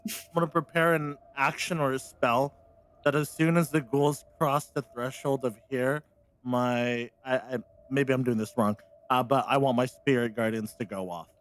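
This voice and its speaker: A man's voice: mid-range voice, fairly even intonation, moderate pace, fairly bright tone. A man playing in a tabletop roleplaying game, giggly and rambling, often stopping and restarting his sentences. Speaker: player. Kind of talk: casual tabletop game chat.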